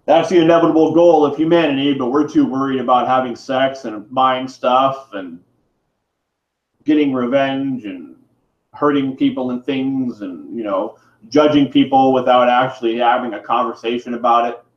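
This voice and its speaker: A man's voice: mid-range voice, steady tone, moderate pace. A man delivering an irate, preachy monologue to camera, swearing for emphasis. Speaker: vlogger. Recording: roomy, dull lo-fi sound.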